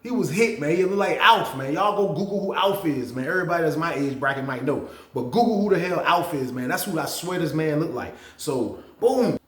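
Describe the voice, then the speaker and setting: Man, casual storytime, animated, swears freely, slightly higher voice, echoey room. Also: fairly quick, few pauses. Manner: animated, profane, addresses viewers as y'all. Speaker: storytelling channel host. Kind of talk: casual storytime about prison.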